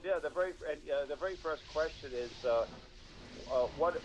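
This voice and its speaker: A man's voice: a little high, very animated, moderate pace, slight background noise, low-quality recording. A man as a radio guest, earnestly explaining with frequent restarts and fillers. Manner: earnest, rambling with many restarts. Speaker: guest, constitution educator. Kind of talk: radio interview.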